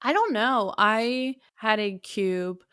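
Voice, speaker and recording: A woman co-hosting a comedy podcast in easygoing casual chat, often hesitating and giggling. Her voice sits a little high, and the recording is dry and close to the mic. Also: lively intonation, takes it slowly, fairly bright tone, smooth, dry recording. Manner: hesitant, laid-back, giggly. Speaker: podcast co-host.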